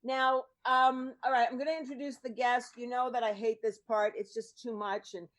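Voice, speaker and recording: A woman's voice: a little high, flat delivery, moderate pace, fairly bright tone. Chatty woman podcast host. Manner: chatty, rambling, lots of ums. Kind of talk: casual chat.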